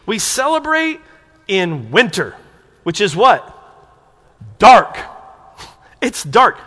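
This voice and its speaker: A man's voice: high voice, sharp tone. A man preaching a sermon as pastor, conversational and asking the congregation questions from the pulpit. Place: church sanctuary. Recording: long hall reverb.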